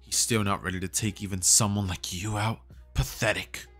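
Man putting on a cold, deep, hushed reaper ninja for a fan story, low and threatening. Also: level tone, measured pace, soft background music. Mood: cold menace. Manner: low, quiet and menacing. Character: cold menacing half-reaper young male ninja. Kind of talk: fan storytelling with voiced characters.

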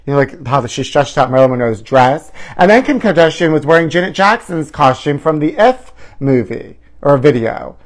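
This male host of a live celebrity gossip show broadcasts from home in a fairly high voice, animated and at a moderate pace with few pauses. His delivery is campy and theatrical, full of endearments for viewers and dramatic swoops into mock outrage.

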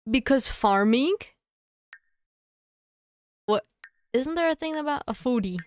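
Woman streamer, chatty and thinking aloud, a bit high-pitched, dry mic. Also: animated, darkish tone, dry recording. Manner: chatty, thinks aloud, quick asides and laughs. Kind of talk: casual live-stream chatter while playing a game.

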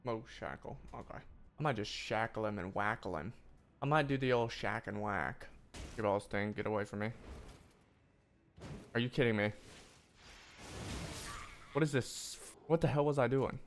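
A man gives live gameplay commentary while streaming, muttering to himself between loud yelps, swearing a lot and joking at his own expense in frustration. He speaks at a fairly low pitch and moderate pace with long pauses, and there's a little hiss or hum.

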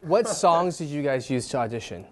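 A man hosting an interview, asking questions in a relaxed, playful way. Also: a little high, normal speed, a crowd in the background. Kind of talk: casual interview chat.

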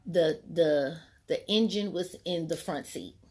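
A woman's voice: low-pitched, takes it slowly, a little mellow, breathy edge. A woman in her forties telling a personal story in a casual vlog. She rambles with many fillers, reenacts what people said, and drops to a near-whisper at emotional moments. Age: 40s. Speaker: storytelling vlogger. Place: home set lit by a ring light.

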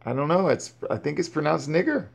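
A man's voice: on the high side, sing-song, a little fast, creaky. A man reading Bible verses aloud and breaking off to explain and exhort. He often stumbles and restarts his words. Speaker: Bible teacher. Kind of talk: scripture reading with commentary.

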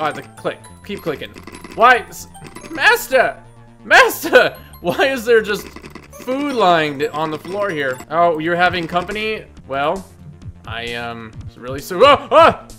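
Lively, excitable man playing games. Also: high-pitched. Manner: excitable, jokey, loud outbursts. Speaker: gaming video host. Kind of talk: let's play commentary.

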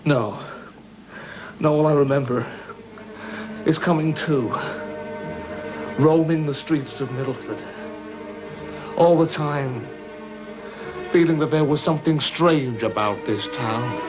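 A bewildered man who speaks slowly and earnestly. His voice sits a little high. The dull TV sound carries faint music underneath. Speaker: sitcom character. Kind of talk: 1980s TV sitcom acting.

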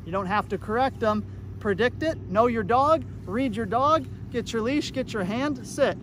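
Very high-voiced upbeat male dog trainer. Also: expressive, moderate pace, noisy background. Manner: upbeat, coaching, praises the dog. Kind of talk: casual training tutorial.

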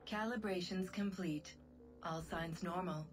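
An actress voicing a calm female computer system that makes formal announcements, heard over loud game music. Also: fairly low pitch, a little slow, close to an everyday voice.

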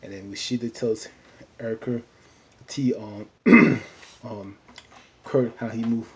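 A man's voice: mid-range voice, slow. A man casually recapping a TV episode in a loose, rambling way, filling his talk with "you know.". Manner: chatty, loose, full of "you know" fillers.

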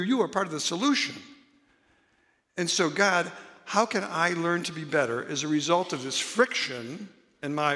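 Man preaching, bright fairly high voice, conversational, church hall reverb. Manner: conversational, dramatizes examples with shifts in pitch and volume. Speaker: pastor. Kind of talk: sermon.

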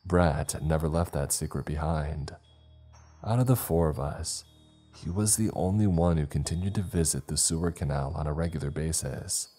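A man narrating a scripted horror story in a slow, ominous manner. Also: extremely low pitch, dark tone, faint music behind.

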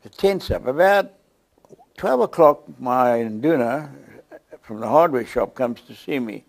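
Gravelly South African man telling a story. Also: medium pitch, unhurried. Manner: lively storyteller acting out scenes. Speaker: guest preacher. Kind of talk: storytelling testimony.

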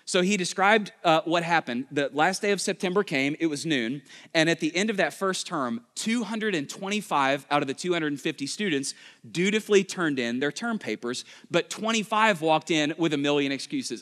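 A male pastor preaching a sermon, telling a story with quick urgent bursts and slow, hushed emphasis. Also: fairly high pitch, animated. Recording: long church hall reverb.

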